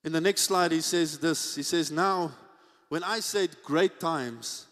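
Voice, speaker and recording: A pastor preaching a sermon, swinging between hushed asides and shouted peaks. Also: male voice, on the high side, unhurried. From South Africa. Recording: church hall with long reverb.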